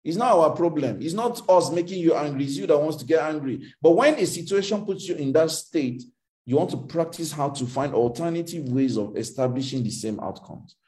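A man teaching and answering audience questions in a motivational session, emphatic and repetitive, with faith phrases, acting out quoted dialogue with big jumps in pitch. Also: expressive, fairly quick, a little mellow.

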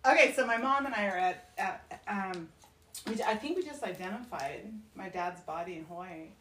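A woman's voice: medium pitch, lively intonation, normal speed, a bit bright, distant mic. Chatty woman, roomy and off-mic. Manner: teasing, chatty storyteller. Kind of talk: casual chat between friends.

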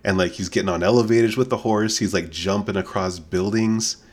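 A man's voice: lowish voice, brisk. A man co-hosting a podcast in casual chat, teasing and laughing often. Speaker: podcast co-host.

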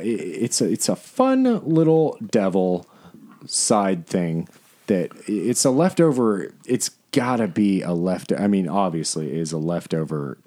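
Low-voiced rambling man in casual chat. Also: a little mellow. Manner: rambling, with fillers and profanity. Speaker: podcast co-host.

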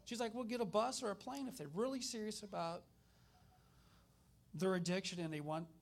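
A middle-aged man, a minister telling personal stories in a conversational sermon with animated retellings. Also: high-pitched, normal speed, vocal fry.

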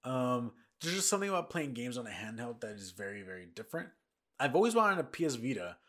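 A man's voice: mid-range voice, very animated, quick pace, fairly bright tone. A man hosting a casual podcast, talking in a rambling way with lots of restarts and repeats, tired and yawning. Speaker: podcast host. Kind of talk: casual news chat.

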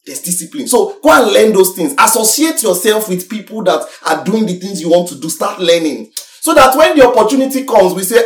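A preacher giving an emphatic sermon who repeats points, swings between loud and soft, and keeps asking listeners to agree. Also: medium pitch, sing-song, a little fast. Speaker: preacher teaching a congregation. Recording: echoey hall, voice from far off the mic.

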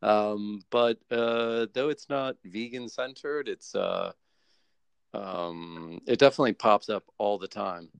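An American man chatting as a podcast guest, animated and laughing often, with lots of fillers and restarts. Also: lowish voice, slow, creaky, clear, resonant tone, no room sound. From United States. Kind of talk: casual chat.

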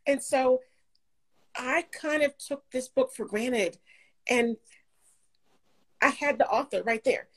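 A woman guest in a casual book chat, talking with a warm manner and frequent laughter. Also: sits high, slow pace, pauses often, rough recording.

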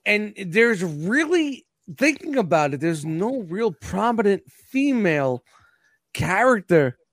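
Brief: high, bouncy male voice, rambling profane banter, dry recording. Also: sing-song, slow pace, fairly bright tone, dry recording. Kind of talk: casual chat.

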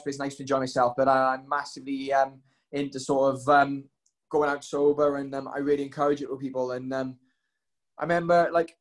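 A young man telling stories in casual chat, rambling with lots of ums and likes. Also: a little high.

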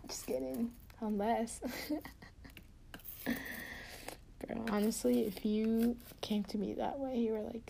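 A woman chatting intimately and casually to her partner, giggly and rambling in a soft, often half-whispered voice. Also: a little high, slow pace, creaky, pauses often, slight background noise. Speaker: podcast host talking to her partner. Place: indoors at home.

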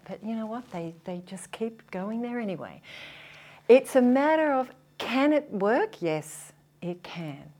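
A woman's voice: on the high side, measured pace. A woman who works as a relationship therapist, talking casually to an audience and acting out what partners say to each other. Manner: animated, acts out quoted partners, laughs often.

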